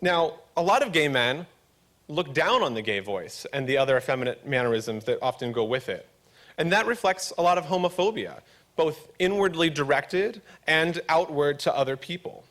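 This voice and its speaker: A man from Pennsylvania with a gravelly voice, giving a public talk at a conference with wry, joking asides, at times a little mumbling. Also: a little high, expressive, normal speed, a bit bright. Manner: slightly mumbling when not projecting. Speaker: conference speaker.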